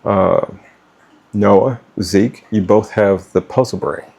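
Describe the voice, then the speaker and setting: Gravelly, blunt middle-aged man. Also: fairly low pitch, takes it slowly, a little mellow. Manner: blunt, profane, stumbling over words. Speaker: vlogger giving life advice. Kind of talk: unscripted talk to camera.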